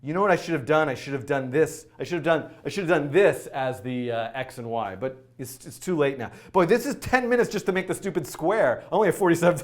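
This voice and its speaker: A man's voice: fairly high pitch, lively intonation. Flustered man coding against the clock. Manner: rushed, flustered thinking aloud; frequent fillers and self-corrections. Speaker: coding livestream host. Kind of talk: live coding tutorial.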